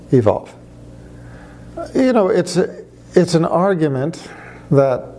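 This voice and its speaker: A man's voice: medium pitch, warm tone. A man arguing his case in conversation, with rhetorical questions and wry storytelling. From United States. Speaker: speaker on religion. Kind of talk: conversational argument to camera.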